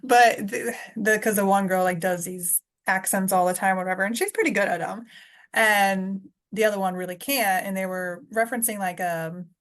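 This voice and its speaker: Woman, podcast co-host, casual chat, rambling, laughs a lot, mid-pitched voice. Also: steady tone, normal speed, fairly bright tone. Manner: chatty, rambling, laughs often.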